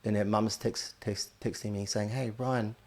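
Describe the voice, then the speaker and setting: A man's voice: lowish voice, monotone, normal speed, a little mellow. A man, a podcast host, telling a rambling, blunt, profane story about his own life. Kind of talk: candid storytelling monologue.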